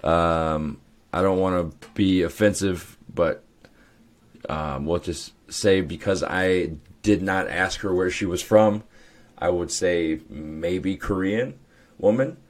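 A man's voice: low-pitched, slow. A young adult man co-hosting a podcast, telling loose stories with laughs and swearing. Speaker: podcast co-host. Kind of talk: casual chat.

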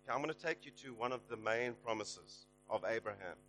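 Bright-voiced preacher man. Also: mid-range voice, brisk, soft background music, rough recording. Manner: animated, exhorting, rises loud on promises. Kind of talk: sermon.

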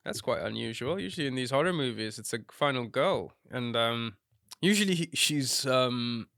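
A man co-hosting a casual film podcast, hesitant with many fillers, his voice jumping high when he is amused. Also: lively intonation, normal speed, creaky, a bit bright, dry recording, studio quality. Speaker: podcast co-host.

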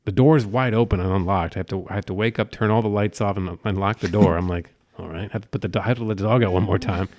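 Low-voiced profane man in casual chat. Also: quick pace, few pauses. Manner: profane, animated storyteller.

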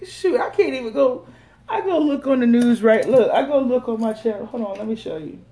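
A woman's voice: a little high, fairly quick. Laughing woman ranting on a podcast. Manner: animated, laughing often, slangy and teasing. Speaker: podcast host. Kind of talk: casual solo podcast rant.

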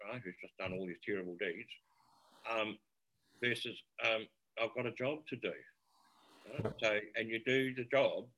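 A New man speaks with a lowish voice that has a forceful, bright edge. He is a podcast guest and former paramedic. He talks in a thoughtful, searching way, feeling for his words as he goes. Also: dull audio. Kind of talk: casual podcast conversation.

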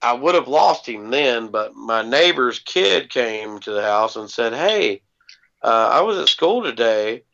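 A man with a gravelly, low-fried voice at an ordinary pitch spins a rambling anecdote in an easygoing, profane way, dotted with ums. The audio is dull and lo-fi, like a home podcast recording. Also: expressive, measured pace, pushed and bright. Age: adult parent. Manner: laid-back, swears freely, many ums. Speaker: podcast co-host. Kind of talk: casual storytelling chat.

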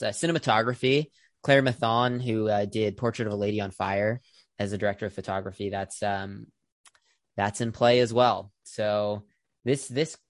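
A man's voice: medium pitch, no echo. Chatty man podcast host, dry sound. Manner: chatty, hedging with fillers. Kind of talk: casual film review chat.

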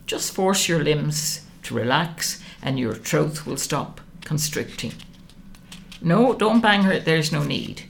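A woman's voice: sits low, lively intonation, slow pace, creaky, hardly any pauses, slight background noise, full character voice. A woman reading a confident, practical female friend in a story, in a voice close to her own. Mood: reassuring. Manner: matter-of-fact, practical.

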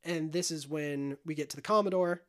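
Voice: medium pitch, fairly quick. Casual podcast co-host recapping a movie, profane and chatty, mid-range voice. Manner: rambling, profane, acts out every character.

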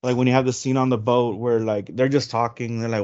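A man's voice: mid-range voice, little pitch movement, brisk, hardly any pauses, darkish tone. A man co-hosting a podcast in casual chat, rambling with many fillers and restarts. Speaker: podcast co-host. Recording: dull lo-fi audio.

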